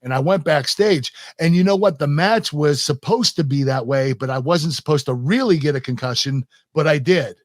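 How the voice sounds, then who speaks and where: An American man in his fifties tells stories in a relaxed interview, lively and often laughing. His voice sits a little high and is recorded dry and close, with no room sound. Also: moderate pace, hardly any pauses, dry recording. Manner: animated, laughs often, acts out quoted lines. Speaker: guest, retired pro wrestler. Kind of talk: casual interview storytelling.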